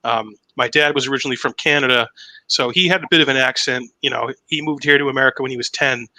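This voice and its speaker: A man's voice: mid-range voice, quick pace, sharp tone, no echo, poor audio. A young man hosting a casual interview, telling stories energetically and swearing freely. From Massachusetts, US. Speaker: host.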